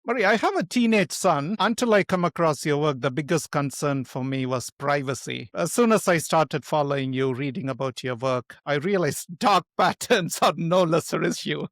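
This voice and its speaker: A middle-aged man hosting a podcast, introducing the topic and guest in a measured, formal way. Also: fairly high pitch, expressive, dry recording, studio quality. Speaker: podcast host. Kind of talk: podcast interview.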